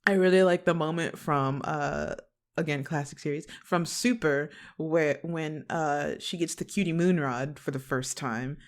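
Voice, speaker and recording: A woman's voice: low voice, measured pace. A woman chatting casually as a podcast guest, laughing often and speaking with many fillers and restarts. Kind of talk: casual fan chat.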